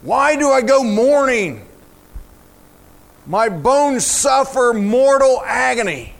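A man with a high-pitched voice preaches slowly and deliberately. He reads scripture with fervent feeling, and his voice climbs on the lines he stresses most. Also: expressive, creaky. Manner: slow, fervent, rising to emotional emphasis. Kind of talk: sermon with scripture reading.

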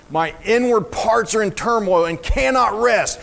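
A man preaching a sermon, reading scripture aloud in a slow, fervent way that rises to emotional emphasis. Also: sits high, creaky, a bit bright.

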